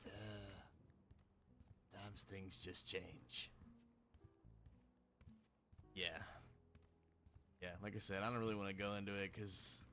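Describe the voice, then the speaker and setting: Laid-back, low-voiced, profane streamer. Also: male voice, a bit bright. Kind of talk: casual chat with viewers.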